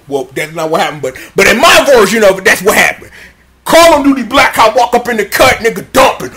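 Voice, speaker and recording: A man reviewing a show in a profane, slang-heavy, animated comedic recap. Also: high-pitched, a little fast.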